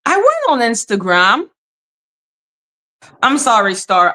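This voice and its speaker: A woman hosts a loose, chatty livestream, greeting her viewers by name and breaking into exclamations. Her voice sits a little high. She talks at an unhurried, drawn-out pace. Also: a bit bright. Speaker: livestream commentary host.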